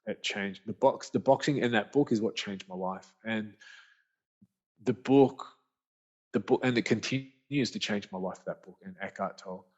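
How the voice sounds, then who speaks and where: A man, a podcast guest telling his story in casual conversation, animated and slangy, acting out what friends said. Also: lowish voice, moderate pace. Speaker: podcast guest, author and speaker. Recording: muffled lo-fi audio.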